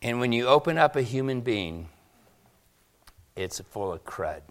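A man preaching a sermon to his congregation, animated, asking rhetorical questions and acting out quotes. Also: mid-range voice, unhurried. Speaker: pastor.

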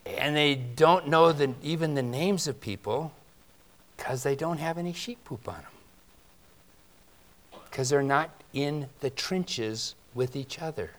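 A male pastor giving a conversational sermon, asking his congregation rhetorical questions and swinging between loud emphasis and quiet asides. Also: fairly high pitch, measured pace.

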